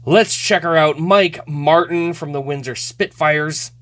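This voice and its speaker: A man's voice: fairly high pitch, unhurried, fairly bright tone. A man hosting a casual card-opening show, chatting, laughing often and stumbling over names. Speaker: host.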